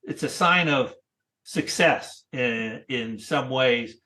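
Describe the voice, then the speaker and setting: A man in his sixties, a cartoonist guest, chatting casually in a thoughtful, halting way with many restarts. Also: mid-range voice, sharp tone. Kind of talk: casual interview chat.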